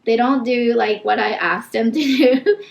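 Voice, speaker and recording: A woman in her thirties, a mother and plant vlogger, chatting casually at home while repotting, talking softly and rambling with many fillers. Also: a little high, normal speed, vocal fry.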